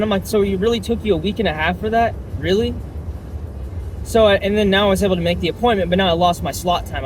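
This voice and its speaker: A young man who works at an auto shop, chatting casually and rambling with lots of swearing and fillers while he drives. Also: a little high. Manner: profane, rambling, many fillers. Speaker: vlogger and auto shop worker. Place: inside a car on city streets. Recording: clear car and road noise.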